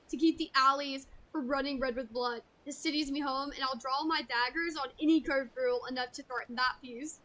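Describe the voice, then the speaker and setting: A gruff rogue guildmaster with a sailor's turn of phrase, calling folks "lass", read aloud by a woman streamer. The delivery stays fairly high and light despite the swagger. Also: fairly bright tone. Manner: salty seafaring speech, calls others lass. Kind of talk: reading game dialogue aloud.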